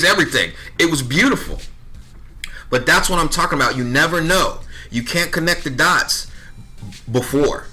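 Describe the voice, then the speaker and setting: On a casual podcast, a guest in his thirties tells a story with a mid-range voice that sounds pushed and bright. He's blunt, swears freely, and acts out both sides of the conversations he describes.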